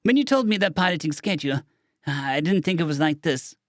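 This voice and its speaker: An earnest young bird-like alien boy, eager to keep up with his friends, as a man voices him. The pitch sits high above a man's speaking range, and the sound is close and dry. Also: lively intonation, brisk, dry recording, close to an everyday voice.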